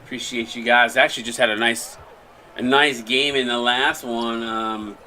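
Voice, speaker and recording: A man's voice: mid-range voice, fairly even intonation, normal speed, background noise. A man hosting a live stream, calling a simulated basketball game and chatting casually with a co-host and viewers, rambling and restarting his sentences. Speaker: play-by-play caster and stream host.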